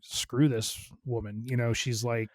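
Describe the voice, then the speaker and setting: A man's voice: medium pitch, flat delivery, measured pace, no room sound, clean studio sound. A man co-hosting a podcast, explaining wrestling news in casual chat and reading an article aloud. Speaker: podcast co-host.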